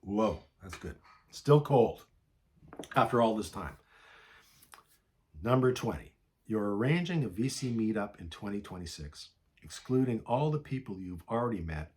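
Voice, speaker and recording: A man with a very low voice rambles through a casual home vlog about records. He has the hiccups and pads his talk with fillers. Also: animated, moderate pace, a little mellow. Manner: rambling, chatty, with many fillers. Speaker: vinyl collector channel host.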